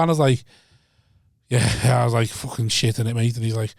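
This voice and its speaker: A man's voice: mid-range voice, fast talker, a little mellow, no echo, clean studio sound. A man with a Liverpool accent, a podcast guest telling laid-back stories in casual chat and swearing freely.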